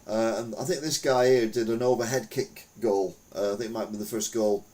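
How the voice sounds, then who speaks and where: A man's voice: fairly low pitch, fairly even intonation, fairly quick, mellow. A man hosting a podcast, chatting casually through the news with rambling, wry, self-mocking jokes. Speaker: podcast host.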